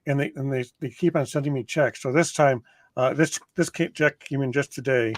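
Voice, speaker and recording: A man, the show's producer, calmly explaining things in casual podcast chat. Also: medium pitch, fairly quick. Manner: matter-of-fact, explaining. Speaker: producer and director.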